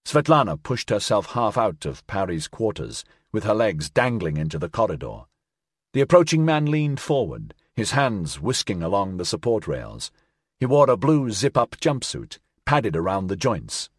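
A man narrating an audiobook with expressive storytelling. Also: on the low side, normal speed, breathy edge, no echo, studio quality.

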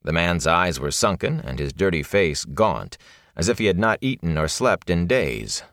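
A man narrating a fantasy story in an expressive, dramatic reading. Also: deep voice, normal speed, no room sound, studio quality. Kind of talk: scripted audiobook narration.

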